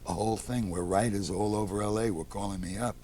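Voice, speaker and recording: A man's voice: fairly low pitch, quick pace, background noise. Man telling a rambling theater story. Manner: animated, acts out quoted people. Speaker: interview guest, theater producer. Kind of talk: relaxed anecdotal storytelling.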